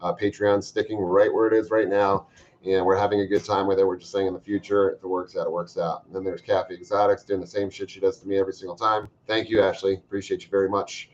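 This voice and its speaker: A man hosting a livestream, chatting casually and reading out viewer comments with profane, joking bursts of loud emphasis. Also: deep voice, level tone, quick pace. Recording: slightly dull lo-fi stream audio.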